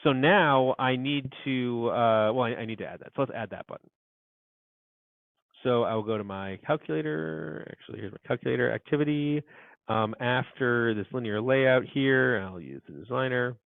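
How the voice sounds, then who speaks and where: A man's voice: medium pitch, moderate pace, creaky, dry recording, phone-quality sound. A man teaching a programming class, thinking aloud as he codes and muttering asides to himself. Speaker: university instructor. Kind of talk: live coding lecture.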